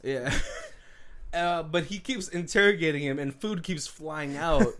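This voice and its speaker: A man's voice: on the high side, animated, measured pace, a bit bright. A man co-hosting a movie commentary podcast, recapping scenes in casual chat and laughing often. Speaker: podcast co-host.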